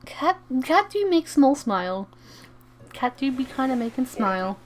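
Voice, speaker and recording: A young woman streaming a game, chatting casually in an excitable, rambling way, often stammering and repeating herself. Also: high-pitched, a little slow. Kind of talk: casual live-stream chat while gaming.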